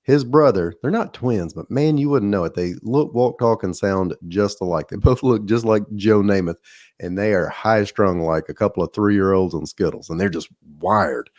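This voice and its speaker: A middle-aged man with a Southern drawl hosts a podcast, spinning a rambling, folksy story in a casual monologue and laughing at his own tales. His voice is on the low side and a little mellow, at a normal speed.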